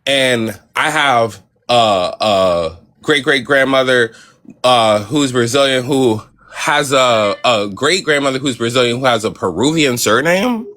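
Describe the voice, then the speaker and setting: A man's voice: medium pitch, lively intonation, measured pace, bright, forceful tone. A man in a casual group discussion, speaking hesitantly with many restarts.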